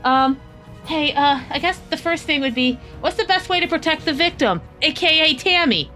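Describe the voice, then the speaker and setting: Woman player, high bright voice, hesitant and playful, faint music behind. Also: animated, normal speed. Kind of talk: tabletop role-play.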